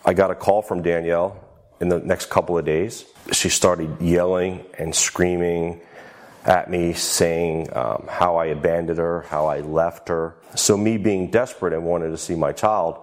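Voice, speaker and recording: A man speaking haltingly and earnestly in an emotional TV interview clip. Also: low-pitched, steady tone. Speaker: father interviewed on a talk show clip.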